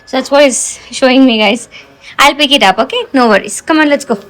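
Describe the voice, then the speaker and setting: A woman's voice: sits high, fairly quick, a bit bright, rough recording. A young woman with an Indian English accent, chatting casually to viewers in a home vlog while coaxing her toddler around the house and garden. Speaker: vlogger and mother.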